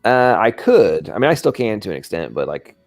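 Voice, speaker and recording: A man's voice: on the low side, sing-song, a little fast, no echo, studio quality, soft background music. A man with an American accent who grew up in England, hosting a live stream and telling a rambling story, often tagging his lines with "right?". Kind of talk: casual chat, storytelling.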